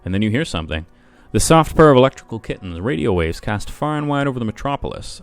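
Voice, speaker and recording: A man's voice: medium pitch, big pitch swings, quick pace, hardly any pauses, soft background music. Wry man reading a game aloud. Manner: reads game text aloud, wry asides. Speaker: game streamer. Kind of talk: let's play narration and commentary.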